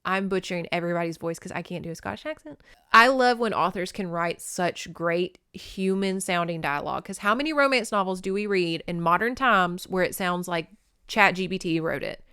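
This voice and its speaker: A woman hosting a casual book-recap podcast, animated and joking, with quick asides and swearing. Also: fairly low pitch, clear, resonant tone, dry recording, studio quality. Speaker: podcast host.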